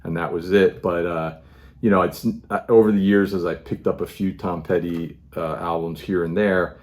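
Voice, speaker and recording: A man's voice: low voice, fairly even intonation, moderate pace, a little mellow. A middle-aged man talking casually at home about his music collection, rambling with lots of fillers and restarts. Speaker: record collector vlogger. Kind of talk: casual show-and-tell monologue.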